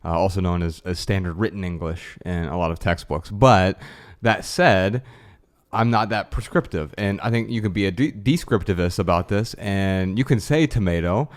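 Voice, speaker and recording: A man's voice: low-pitched, moderate pace. A man co-hosting a casual podcast from a friend's kitchen, wry and joking with a slightly professorial streak. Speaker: podcast co-host. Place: friend's kitchen used as a studio.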